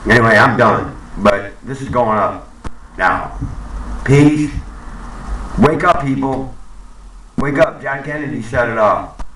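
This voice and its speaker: A man's voice: medium pitch, slow, pauses often, a bit bright, reverberant, far from the mic, slight background noise, low-quality recording. A man ranting angrily to camera, swearing and repeating himself, in a profane monologue. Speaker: vlogger. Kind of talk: profane conspiracy rant to camera.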